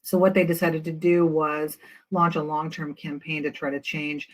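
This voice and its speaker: A woman's voice: sits low, little pitch movement, moderate pace, low-quality recording. A woman who sits on a school board, presenting a case study on a webinar in a chatty, loose way with frequent fillers.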